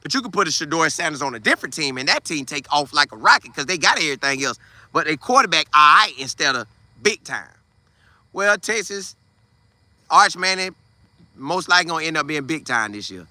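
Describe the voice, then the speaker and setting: A man hosting a casual football commentary show, talking in an animated, slangy way. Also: on the high side, fairly quick, no echo. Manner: animated, trash-talking, Southern Black vernacular slang. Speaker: sports podcast host.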